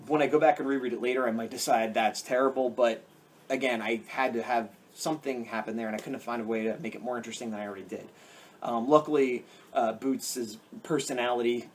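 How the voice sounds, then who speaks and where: Guy rambling about his comic work, um and uh everywhere, bit of hiss behind him. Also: mid-range voice. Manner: rambling, many fillers and restarts. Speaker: comic artist vlogger. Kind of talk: casual chat over drawing.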